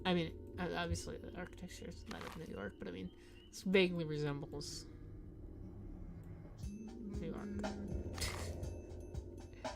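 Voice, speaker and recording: A woman's voice: on the low side, fairly even intonation, moderate pace, long pauses, over music. A young woman casually commenting on a video game with laughing asides while reading its dialogue aloud. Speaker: gamer. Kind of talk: let's play commentary.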